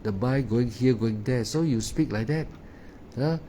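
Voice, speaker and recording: A man gives a meditation talk in halting, non-native English, filling his pauses with "ah" and "uh" and repeating words. His voice is mellow and relaxed. Faint noise sits under the recording. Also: mid-range voice. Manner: hesitant, frequent "ah" fillers and repeated words. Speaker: meditation teacher. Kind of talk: Dharma talk.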